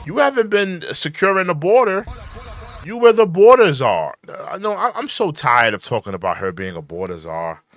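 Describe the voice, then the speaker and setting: A man's voice: high-pitched, sing-song, moderate pace, a bit bright. A man in his thirties hosting a political commentary show, reacting to clips with exasperated rants, repeating himself and using mocking slang. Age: 30s.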